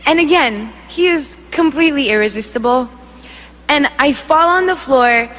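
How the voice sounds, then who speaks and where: A woman worship singer giving an emotional spoken testimony, telling it in an animated way and acting out the voices. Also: high voice, normal speed. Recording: long hall reverb.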